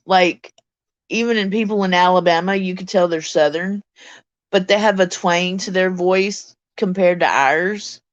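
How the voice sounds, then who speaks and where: A middle-aged woman with a Deep South Mississippi accent, chatting bluntly and casually as a livestream host reading her chat. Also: no echo, muffled recording.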